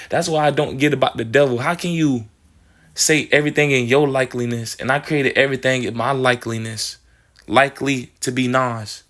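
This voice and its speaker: A male spiritual speaker's mid-range voice comes across a bit bright. He rambles through a monologue full of wordplay, restarting phrases and checking in with "you feel me."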